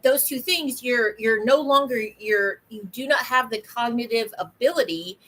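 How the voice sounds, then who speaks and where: Animated woman telling stories, high voice. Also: moderate pace, low-quality recording. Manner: animated storyteller, acts out voices. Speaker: podcast co-host. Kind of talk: casual chat.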